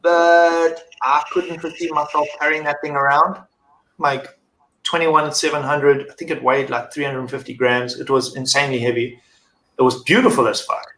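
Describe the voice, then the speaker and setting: A man's voice: on the high side, level tone, normal speed, a bit bright, a little hiss or hum. A man, a guest on a panel show, chatting casually, rambling and joking with some swearing. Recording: echoey room with faint ambience.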